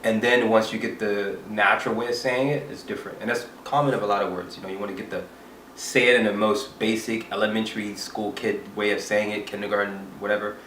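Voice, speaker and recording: Guy learning chinese, eager, chatty, kinda low voice, echoey room. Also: steady tone, fast talker, a bit bright. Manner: eager, thinks aloud, chatty asides. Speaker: language learner. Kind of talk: casual language lesson. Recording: roomy echo from far off, faint hiss.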